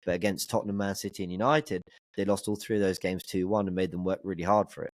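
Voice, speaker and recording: A man's voice: sits low, fairly even intonation, fast, no echo. A man guesting on a football podcast, chatting casually with wry, sarcastic asides.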